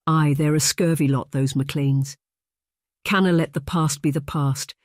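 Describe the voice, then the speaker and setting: Narrator doing a drunken Scottish laird, bellowing, blustering, bullying, raised pitch, dry close sound. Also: fairly even intonation, a little slow, no room sound, close to an everyday voice. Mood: angry bellowing. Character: angry drunken Scottish laird, middle-aged man, bullying.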